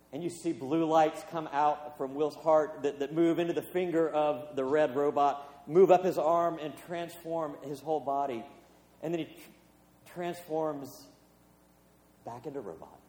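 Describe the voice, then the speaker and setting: A man's voice: fairly high pitch, a little mellow. A man, a pastor, preaching a sermon in a conversational, storytelling way with casual fillers. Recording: echoey hall with long reverb.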